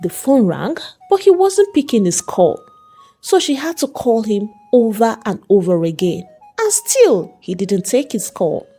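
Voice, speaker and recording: A woman narrating a folk tale with lively storytelling. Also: a little high, a little slow, husky, faint music behind. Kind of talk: scripted narration.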